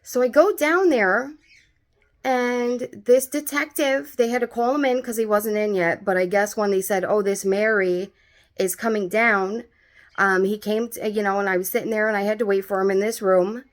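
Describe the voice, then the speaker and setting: A woman's voice: medium pitch, fairly even intonation, moderate pace. A young adult woman telling a story in a casual vlog, rambling with lots of fillers and swearing freely.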